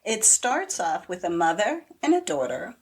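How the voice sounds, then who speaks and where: A woman's voice: medium pitch, normal speed, slightly rough. Chatty woman recapping a show. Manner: chatty, animated retelling with acted-out quotes. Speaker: podcast co-host. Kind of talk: casual chat recapping a TV show.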